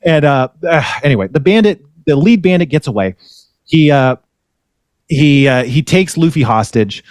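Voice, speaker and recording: A man's voice: fairly high pitch, expressive, normal speed, a little mellow, dry recording, studio quality. Rambling podcast host, man. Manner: rambling, self-correcting storyteller. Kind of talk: casual chat.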